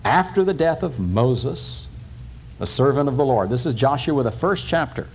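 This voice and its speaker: A man preaching a sermon, emphatic, with pauses and restarts. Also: mid-range voice, animated, darkish tone, lo-fi sound, a little hiss or hum.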